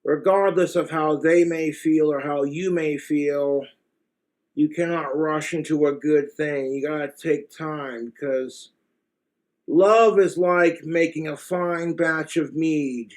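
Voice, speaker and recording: A man's voice: a little high, steady tone, slow, darkish tone. A man with an American accent giving blunt, crude, rambling relationship advice in a casual monologue to the camera.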